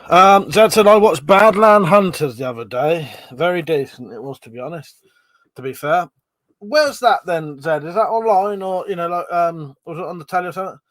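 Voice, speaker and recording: A man's voice: sits high, animated, moderate pace, fairly bright tone. A man hosting a casual live stream, reading out chat comments, rambling and swearing, short of breath and yawning. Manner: chatty, swearing, reads chat aloud and rambles.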